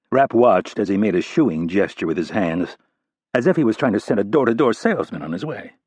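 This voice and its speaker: A man narrating a thriller audiobook in a steady, even storytelling manner. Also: on the low side, brisk, slightly rough, dry recording. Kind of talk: scripted narration.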